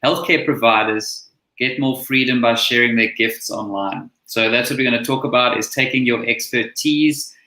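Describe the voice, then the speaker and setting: A man's voice: medium pitch, normal speed, pushed and bright, roomy sound, low-quality recording. A man from South Africa with a South African accent, a chiropractor telling his story in a casual interview over a video call. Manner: friendly, earnest, storytelling. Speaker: guest, chiropractor and coach.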